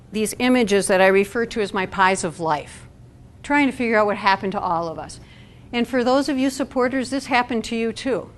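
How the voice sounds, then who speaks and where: A middle-aged woman giving a talk to an audience at a support event, conversational and asking the room questions. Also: medium pitch.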